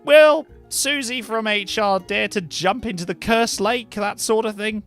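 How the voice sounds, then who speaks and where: A man voicing a weary, polite woman mage and potion brewer in a higher put-on voice with a questionable accent, chatty and dry. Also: unhurried, a bit bright, faint music behind. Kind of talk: voicing characters in a cozy narrative game.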